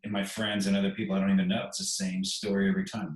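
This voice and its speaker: A man's voice: low-pitched, little pitch movement, rapid-fire, distant mic. A middle-aged man, a military veteran and podcast guest, talking in a heartfelt, rambling way and repeating himself. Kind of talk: podcast interview. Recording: echoey room, off-mic.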